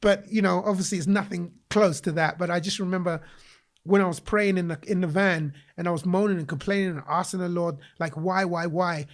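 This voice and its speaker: A man from England, a guest in a podcast interview, telling a personal story in an animated way and acting out the voices he quotes. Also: sits high, fairly quick.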